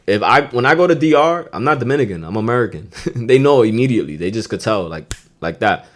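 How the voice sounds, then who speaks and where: A man with a New York accent hosting a podcast, teaching slang in a loose, profane, animated way and getting loud when he acts out phrases. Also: mid-range voice, fast. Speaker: podcast host. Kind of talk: casual podcast lesson.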